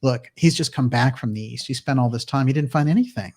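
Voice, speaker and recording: A man's voice: mid-range voice, quick pace, a little mellow. A man hosting a livestream talk show, telling a story in a casual, conversational way with easy laughs. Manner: conversational fillers and restarts. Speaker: host. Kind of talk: livestream commentary and reading.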